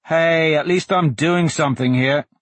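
A man voicing a brash, restless young swordsman in a storybook reading, loud and teasing. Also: on the high side, measured pace, no room sound, voice pushed up, natural voice.

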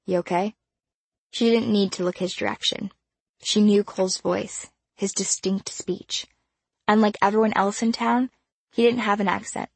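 A woman narrating an audiobook in a measured, expressive storytelling manner. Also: mid-range voice, creaky, breathy edge, dry recording.

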